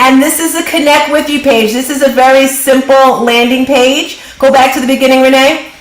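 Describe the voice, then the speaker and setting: A woman hosting a live online business workshop, brisk and upbeat, giving quick directions over a video call. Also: sits high, fairly even intonation, roomy sound, low-quality recording. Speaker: workshop host and business coach.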